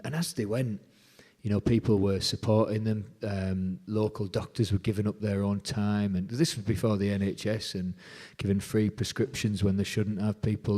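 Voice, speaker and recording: A folk musician being interviewed, retelling a story with lively quoted dialogue. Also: male voice, fairly low pitch.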